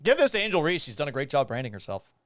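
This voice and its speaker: A man in his thirties hosting a casual sports talk show, animated and blunt, often swearing. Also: a little high, rapid-fire, dry recording, clean studio sound. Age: 30s.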